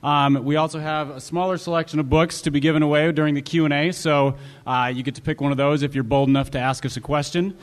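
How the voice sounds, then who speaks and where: A man co-hosting a live podcast before an audience. He delivers sponsor reads and throws in wry, deadpan jokes. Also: on the high side, quick pace, hardly any pauses. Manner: dry, wry humor. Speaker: co-host.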